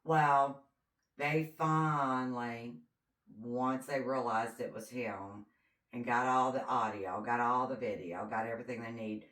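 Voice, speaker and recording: An unhurried woman with a bass voice tells a true crime tale while co-hosting a podcast. She chats casually and brings the quotes to life as she goes, heard through a far-off mic in an echoey room.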